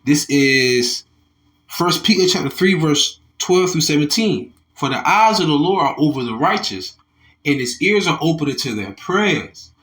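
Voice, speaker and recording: Man, higher voice, swooping and animated, reads news aloud and riffs on it with Bible verses, stumbles and repeats himself, "y'all" to viewers. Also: a little slow. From Southern United States. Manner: animated, restarts and repeats words, calls listeners y'all. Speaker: religious commentator. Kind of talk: reading and commenting on a news article with scripture.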